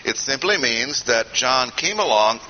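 A man teaching a Bible study in a deliberate, emphatic way with frequent pauses, on a dull lo-fi recording with faint hiss. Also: mid-range voice, expressive, pushed and bright. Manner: deliberate, emphatic, pausing often. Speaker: preacher.

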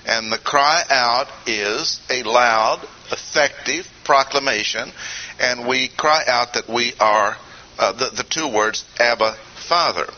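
A man teaching a Bible study in a deliberate, emphatic way with frequent pauses, on a dull lo-fi recording with faint hiss. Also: medium pitch. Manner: deliberate, emphatic, pausing often. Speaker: preacher.

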